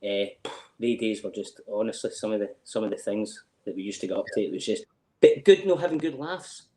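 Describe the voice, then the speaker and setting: A man's voice: on the low side, brisk, mellow, roomy sound, a little hiss or hum, poor audio. A middle-aged Scottish man telling rambling, sweary stories as a podcast guest, often asking "do you know what I mean". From Scotland. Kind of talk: casual chat.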